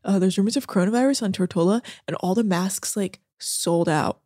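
A woman co-hosting a podcast, recapping a reality show in an animated, sarcastic way, laughing and swearing often. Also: medium pitch, fairly quick, no room sound, studio quality. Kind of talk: casual chat.

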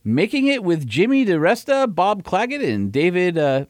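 A man co-hosts a casual podcast, reading emails and teasing his partner in a deadpan way. His slightly high voice swings widely in pitch. The recording is dry and close. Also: normal speed, dry recording. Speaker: podcast co-host.

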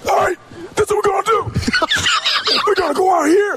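A hoarse, shouting football player. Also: male voice, very high-pitched, steady tone, fairly quick, heavy background noise, voice pushed up. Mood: fired up. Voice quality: hoarse, hard to understand. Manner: barking orders with laughs. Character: hoarse shouting football player giving a pregame pep talk.

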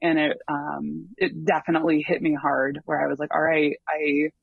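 A man's voice: a little high, level tone, normal speed, gravelly, slightly rough, dry recording. A man telling of his long hike in a casual interview, rambling with many ums and restarts. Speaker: long-distance hiker guest. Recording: dull lo-fi dry sound.

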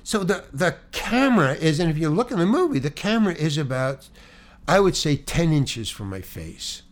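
A man who is a stand-up comedian, telling an animated, self-deprecating anecdote and acting out the quotes himself. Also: a little high, moderate pace. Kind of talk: anecdotal storytelling.

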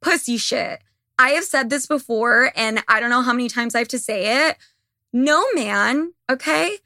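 Young woman podcast host, candid profane rant, slightly high and sharp, dry close mic. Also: moderate pace, dry recording. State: slightly losing her voice. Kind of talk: casual monologue.

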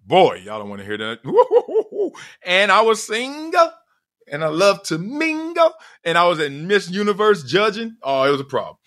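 A middle-aged man hosting a casual solo podcast, telling slangy, animated stories and laughing often. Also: sits high, moderate pace. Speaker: podcast host.

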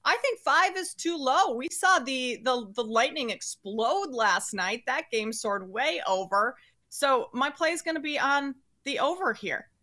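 A woman's voice: high voice, animated, a little slow, sharp tone. A woman giving sports betting picks in casual chat, confident and joking about herself. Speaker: sports betting guest analyst.

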